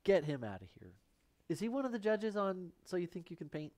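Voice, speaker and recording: A man hosts a live painting demonstration from his studio, wearing a lavalier mic, playfully chatting, muttering to himself and drifting into whispers. His voice is high and a little mellow, with a brisk, sing-song delivery.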